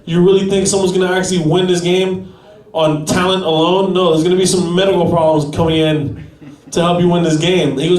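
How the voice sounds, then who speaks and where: A man with a fairly high voice doing stand-up, joking about himself and chatting with the crowd. He is heard from a distance in a roomy, echoing space. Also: fairly even intonation, a little fast, a little mellow. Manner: self-deprecating, chatty with the crowd. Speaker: stand-up comedian. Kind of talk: stand-up comedy set. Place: small gallery venue at an open mic. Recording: echoey room from a distance.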